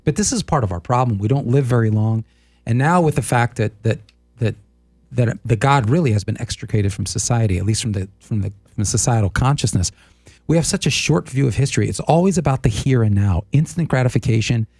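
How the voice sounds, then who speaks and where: A man's voice: medium pitch, brisk, darkish tone. A man hosting a talk show who speaks in an emphatic, sermon-like way and builds his points through lists. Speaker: host.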